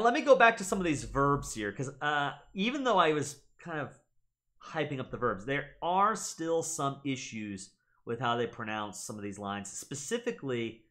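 Animated man explaining Latin pronunciation. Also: medium pitch, moderate pace. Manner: animated, repeats words to demonstrate pronunciation. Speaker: gaming channel host teaching Latin. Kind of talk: casual explanatory lesson.

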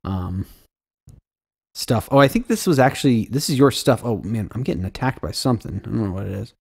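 A man's voice: medium pitch, expressive, fast talker, vocal fry, a little mellow, husky. A man co-hosting a podcast, talking in a laid-back, easygoing way into a close mic while playing a game. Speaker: podcast co-host. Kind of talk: casual gaming chat.

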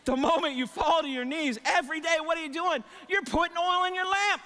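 A man's voice: extremely high pitch, sing-song, a little fast, pushed and bright, big-room sound. A male pastor preaching an impassioned sermon with emphatic repetition and rhetorical questions, his voice a little strained. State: voice strained, catching his breath. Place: church sanctuary.

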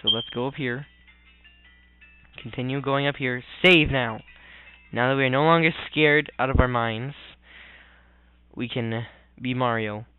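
A man's voice: mid-range voice, measured pace, long pauses, clear, resonant tone. A man giving goofy, rambling commentary while playing a video game. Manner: goofy, rambling, mutters complaints. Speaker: let's player. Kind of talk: casual gameplay commentary. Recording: tinny lo-fi with faint game music.

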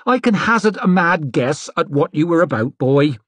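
A man voicing a gruff, sharp-tongued hill woman healer in an audiobook, talking with a dry, mocking edge. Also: on the high side, lively intonation, moderate pace, no echo, pitched above the performer's own voice.

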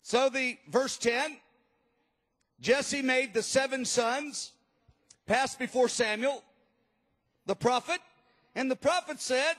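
A man preaching a sermon, telling the story in an animated, emphatic way. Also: very high-pitched, takes it slowly, long pauses. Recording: long reverb of a large hall.

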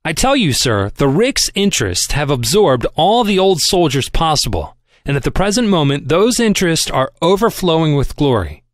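A man's voice: fairly high pitch, sing-song, moderate pace, no room sound, clean studio sound. A man voicing a stiff, humorless office manager who complains with cold dignity, in an audiobook reading. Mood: complaining.

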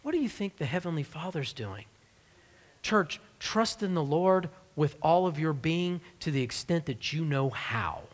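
A man's voice: on the high side, lively intonation, unhurried, big-room sound. A man preaching a sermon as pastor of a church, in a conversational, joking style. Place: church sanctuary.

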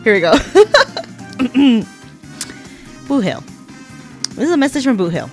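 A woman's voice: on the high side, expressive, unhurried, pauses often, soft background music. Giggly gushing woman streamer. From Texas. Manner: giggly, gushing, swears casually. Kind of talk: casual stream chat.

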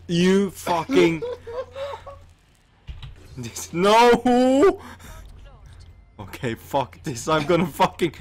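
A man swearing and laughing while playing a video game with a friend. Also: a little high. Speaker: gamer. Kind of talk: casual gameplay chat.

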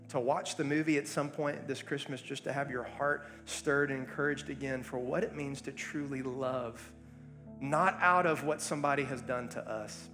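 Man, pastor, conversational sermon delivery with fillers, mid-range voice, soft music underneath. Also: mid-range voice. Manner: earnest, conversational storytelling with frequent fillers.

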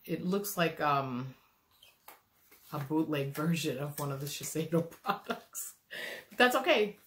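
A woman's voice: sits low, animated, a little slow, a little hiss or hum. A middle-aged woman chatting casually through a beauty unboxing on her phone, rambling and self-deprecating with lots of fillers and restarts. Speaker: beauty vlogger. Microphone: phone camera.

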